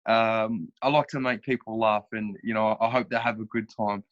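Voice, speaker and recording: A man's voice: on the low side, steady tone, moderate pace, dull audio. An Australian man as an interview guest, laid-back and blunt, swearing casually.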